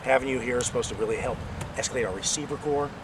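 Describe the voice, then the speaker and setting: An amateur actor playing a short-fused male football coach who yells, swears and threatens. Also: mid-range voice, racing, lightly acted. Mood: angry. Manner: yelling, profane, threatening. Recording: loud street noise, distant mic.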